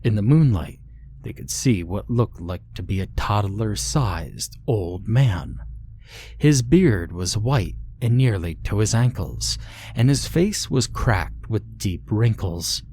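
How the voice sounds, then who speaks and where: Slow, deep-voiced male horror narrator. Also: expressive, a little mellow, slight background noise. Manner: slow, measured storytelling.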